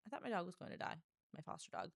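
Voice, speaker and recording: A woman hosting her own podcast, telling a story in a casual, animated way, full of "like" and dramatic asides. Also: on the low side, rapid-fire, creaky, dry recording, studio quality. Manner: animated, dramatic, filler-heavy with lots of "like". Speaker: podcast host.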